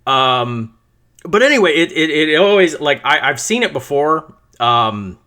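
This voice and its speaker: A middle-aged man hosting his own podcast, telling a story in a casual, animated solo monologue and swearing freely along the way. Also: on the high side, measured pace. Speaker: podcast host.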